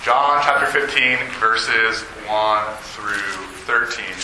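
A man's voice: on the low side, takes it slowly, background noise. A man giving an informal, joking sermon to a gathered group as a campus ministry preacher. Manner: joking, chatty, self-deprecating. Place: meeting room with an audience. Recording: echoey room, mic at a distance.

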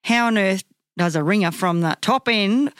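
Bright-voiced friendly interviewer. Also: medium pitch, normal speed, clear, resonant tone, no room sound, clean studio sound. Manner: friendly, laughs along. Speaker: interviewer, host. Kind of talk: interview questions.

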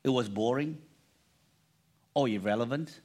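A man's voice: medium pitch, measured pace. A man preaching a sermon to a congregation, reading scripture and restarting phrases, often calling for the crowd to repeat after him. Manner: animated, repeats phrases, calls for congregation response. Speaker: pastor.

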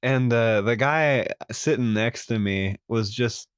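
A man's voice: mid-range voice, slow, clean tone, no echo. A young man co-hosting a podcast in casual chat, telling stories earnestly with dry humor. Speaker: podcast co-host.

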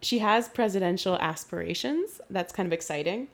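A woman co-hosting a podcast, chatting casually about politics and sport. She talks in an animated, sweary way and laughs often. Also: medium pitch, normal speed. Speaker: podcast co-host. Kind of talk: casual chat.

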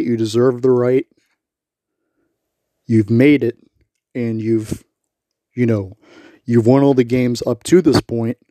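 Male podcast host, solo sports talk, unhurried and emphatic, repetitive, dry close-mic sound. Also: medium pitch, dark tone, dry recording. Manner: repetitive, emphatic, many "you know" fillers.

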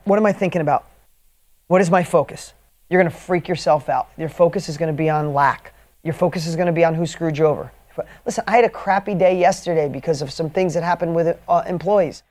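Man, motivational trainer, energetic, emphatic, blunt, mildly profane, speeds up and slows down for emphasis. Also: sits high. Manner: energetic, emphatic, fast bursts and drawn-out stresses.

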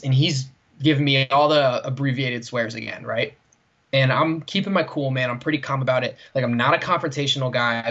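Male co-host, husky voice, rambling anecdote style with many fillers, lo-fi dull recording. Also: medium pitch, sharp tone. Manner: rambling, heavy use of "like" and "right?". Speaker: podcast co-host. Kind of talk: casual storytelling chat. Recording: dull lo-fi sound.

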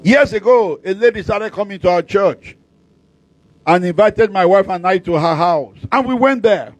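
A man's voice: sits high, normal speed, rough recording. A middle-aged male pastor, preaching at a convention with emphatic, repeated declarations and humorous stories. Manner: humorous storytelling.

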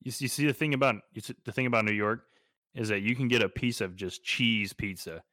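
A man's voice: lowish voice, fast, pushed and bright, no room sound, studio quality. An easygoing young man in casual podcast chat, laughing often and using casual slang.

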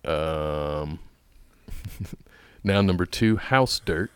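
A man's voice: low voice, extremely slow, clear, resonant tone, no room sound. A man co-hosting a podcast, chatting casually and chuckling as he comes up with rhyming words for a word game. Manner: chuckly, rhymes his answers. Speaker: podcast co-host. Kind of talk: casual chat.

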